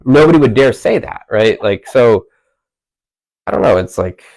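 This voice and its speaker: A man's voice: medium pitch, animated, moderate pace, gravelly, a little mellow, low-quality recording. A man in his thirties, an author talking casually at a library event, rambling with lots of filler words and restarts. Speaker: author guest. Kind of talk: casual conversation.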